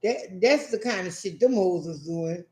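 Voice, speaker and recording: A man telling a profane, animated story in a casual rant, acting out what people said. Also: sits high, unhurried. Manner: profane, animated, acts out quotes. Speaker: vlogger. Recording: echoey room.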